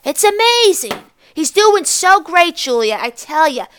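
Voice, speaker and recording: Girl mimicking a loud bragging aunt. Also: very high voice, very animated, a little slow, voice pushed up, full character voice. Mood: gushing. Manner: boastful, gushing. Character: bragging middle-aged aunt, loud and proud.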